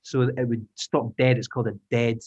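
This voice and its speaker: A man leads an online class with lively encouragement and patient explanations. His voice has an ordinary middle pitch and comes over a slightly muffled call line. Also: moderate pace. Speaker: teacher trainer. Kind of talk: online language lesson. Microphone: video call.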